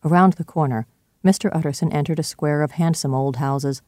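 Man narrating a storybook, steady, even, mellow and warm, dry close sound. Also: on the high side, fairly quick, no echo.

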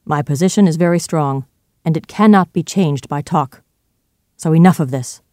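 A reader voicing a fifty-year-old male doctor in a storybook reading, earnest and pleading but turning sharp and firm when pressed. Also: medium pitch, lively intonation, normal speed, no room sound, studio quality, close to an everyday voice. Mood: cold firm.

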